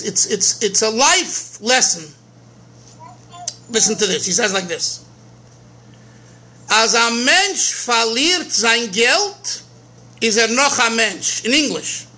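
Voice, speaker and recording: A rabbi from America giving an informal teaching talk at a gathering, drawn-out and emphatic, often repeating words and stopping to sing a melody. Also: male voice, very high-pitched, sharp tone.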